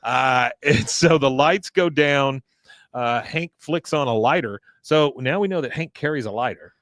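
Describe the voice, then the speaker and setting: A man co-hosting a podcast, recapping a cartoon episode in an animated way, doing the characters' voices and laughing as he goes. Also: mid-range voice, a little slow, no echo, studio quality. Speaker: podcast co-host.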